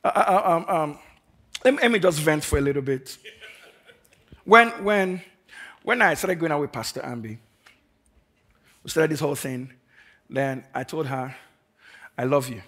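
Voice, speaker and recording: High, bright, husky-voiced preaching man. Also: normal speed, long pauses. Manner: emphatic, building to fervent declarations; leads the congregation in call and response. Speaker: pastor. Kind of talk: preaching a sermon. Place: church service before a congregation.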